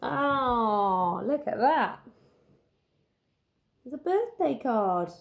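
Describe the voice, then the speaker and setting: A woman teacher reading a picture book aloud for children, gently commenting on the pictures. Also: a little high, lively intonation, extremely slow, gravelly, pauses often. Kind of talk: children's story time narration.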